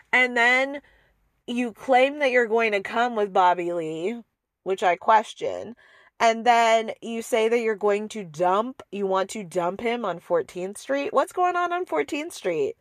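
A woman's voice: fairly high pitch, lively intonation, unhurried, no echo, studio quality. A woman hosting a podcast, ranting sarcastically about a TV show with exasperated asides and laughs. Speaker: podcast host reviewing a TV show. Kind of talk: casual ranting review.

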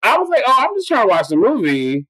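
A man with a noticeably high voice tells a story in a loose podcast chat. He swears freely and jumps into quoted dialogue. The sound is dry and close, with no room echo. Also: fast talker, slightly rough. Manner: animated, profane, acts out quoted dialogue. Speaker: guest telling a story.

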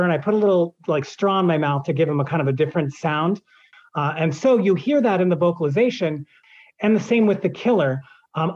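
A man's voice: sits high, darkish tone, muffled recording. A man who narrates audiobooks, answering in an interview and explaining his process at length with examples.

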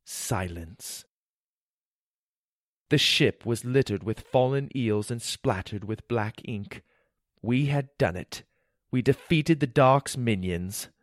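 A man tells a storybook adventure with lively, dramatic delivery, mouthing the sound effects himself. His voice sits at an ordinary pitch, and the recording is close and dry. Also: measured pace, dry recording. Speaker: narrator. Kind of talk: scripted storybook narration.

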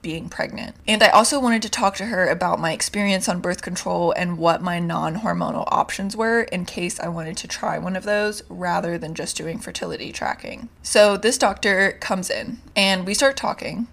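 A woman's voice: fairly low pitch, normal speed, vocal fry, few pauses, fairly bright tone. Candid, exasperated young woman podcaster. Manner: candid, exasperated, swears freely. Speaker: podcast host. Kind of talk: casual storytelling monologue.

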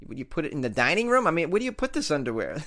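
A man's voice: on the high side, big pitch swings, racing, fairly bright tone. Joking male podcast news host. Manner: joking, sarcastic, laughs between lines. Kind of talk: comedic news podcast monologue.

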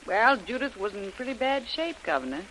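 An actor playing a recovering young adventurer, eager and quick to interrupt, in a hissy old radio drama. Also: male voice, high voice, very animated, sharp tone, heavily acted, low-quality recording. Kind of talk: 1930s radio drama acting.

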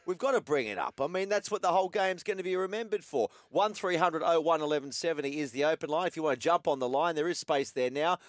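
A man's voice: fairly high pitch, fast talker, hardly any pauses, no echo, studio quality. A man with an Australian accent hosting a talkback radio show, chatty and laid-back, putting questions to callers and his co-host.

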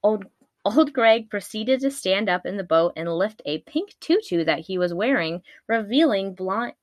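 A woman's voice: medium pitch, lively intonation, measured pace, no room sound. A woman retelling a spooky comedic legend in a casual way, with wry asides and many fillers. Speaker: podcast storyteller.

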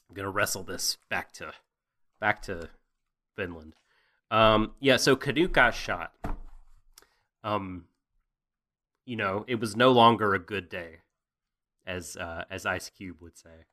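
A man's voice: on the low side, takes it slowly, long pauses, sharp tone. A man co-hosting a casual anime recap, jokey, profane and rambling. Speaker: podcast co-host.

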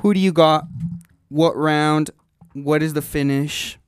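Man, slightly high voice, teasing casual host who keeps asking questions, dry close sound. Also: fairly even intonation, slow pace, smooth, no room sound. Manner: playful, teasing, moves the talk along with questions. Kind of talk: casual podcast chat.

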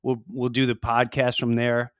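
A man's voice: mid-range voice, completely flat delivery, moderate pace, fairly bright tone, clear, resonant tone, no echo. A male podcast host with a mid-range voice speaks into a close mic, and there is no room sound. He talks with emphasis and heart. He repeats his points to drive them home. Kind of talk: casual podcast interview.

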